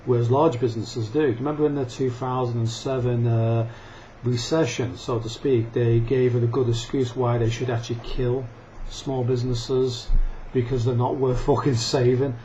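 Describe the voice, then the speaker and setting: Swearing constantly, this male vlogger delivers an angry rant to the camera, breaking off to laugh and cough. He has a warm mid-range voice with little pitch movement and a normal pace, recorded in dull lo-fi sound with faint noise.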